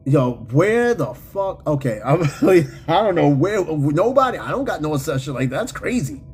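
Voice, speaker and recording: A man with a New York City accent hosts a casual livestream, reading viewer comments aloud in an animated, profane way and laughing often. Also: a little high, moderate pace, hardly any pauses, a little hiss or hum. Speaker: host.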